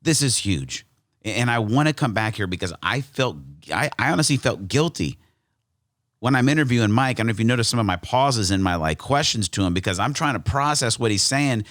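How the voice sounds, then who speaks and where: An American man hosting a podcast, talking in a joking, animated way with frequent restarts. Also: medium pitch, fairly quick, no echo, clean studio sound. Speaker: podcast host. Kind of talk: casual podcast chat and monologue.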